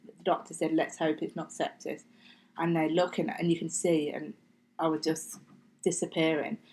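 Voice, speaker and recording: A woman's voice: low-pitched, level tone, normal speed, darkish tone, rough recording. A middle-aged woman, a podcast guest, telling her story in a chatty way and acting out what people said, sometimes dropping to a near-whisper. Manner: chatty, acts out quoted speech, slips into near-whispers. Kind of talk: casual interview storytelling.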